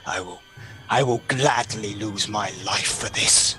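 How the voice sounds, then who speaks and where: A man's voice: on the low side, slow, bright, forceful tone, pitched below the performer's own voice. A man voicing a desperate, grieving father who commands and pleads during a tabletop role-play game. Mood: pleading. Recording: faint background music.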